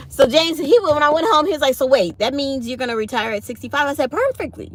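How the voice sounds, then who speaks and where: Brief: woman, fifties, channel host, animated storyteller, high voice that swings widely. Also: fast talker, hardly any pauses. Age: 50s. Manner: animated storytelling with acted-out quotes. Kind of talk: casual chat to live viewers.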